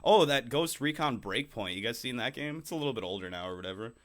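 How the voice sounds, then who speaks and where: A man's voice: medium pitch, animated, fast. Rambling, profane podcast guy. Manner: rambling, profane, laughs a lot. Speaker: podcast co-host. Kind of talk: casual chat.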